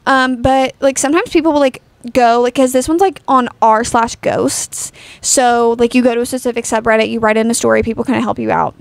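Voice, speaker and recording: Fast-talking young woman with a gravelly voice. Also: on the high side, fairly even intonation, no room sound. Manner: rambling, lots of "like" fillers. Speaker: podcast co-host. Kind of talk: casual chat, reading a story aloud.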